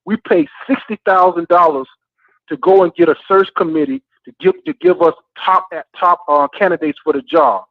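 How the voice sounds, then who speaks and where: A frustrated male caller vents down a tinny phone line, his voice set high and gravelly. He talks passionately and keeps repeating "man". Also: lively intonation, normal speed. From Florida A&M alumnus. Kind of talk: heated call-in rant.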